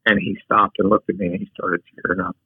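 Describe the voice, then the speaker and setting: A man's voice: deep voice, level tone, quick pace, creaky, breathy edge, no echo. A man telling a frank personal story as a podcast guest, a take-charge talker who often restarts his sentences. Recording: tinny phone-like line.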